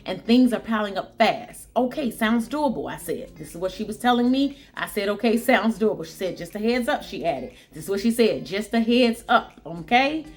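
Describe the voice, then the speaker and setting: A woman's voice: medium pitch, very animated, normal speed, hardly any pauses, a little mellow, faint music behind. A woman vlogger telling a work story to her viewers, chatty and repetitive, calling them guys and y'all. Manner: chatty, repeats lines for emphasis, talks to "guys" and "y'all". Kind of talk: casual storytelling to camera.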